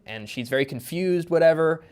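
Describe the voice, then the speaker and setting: A man's voice: fairly high pitch, expressive, moderate pace, darkish tone, clean tone. A man in casual podcast chat, a guest author explaining at length with lots of fillers and restarts. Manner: rambling, filler-heavy explaining.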